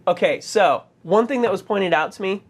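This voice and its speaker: A man teaching a conversational tech course, talking with many fillers, restarts and halting pauses. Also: high-pitched. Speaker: course instructor.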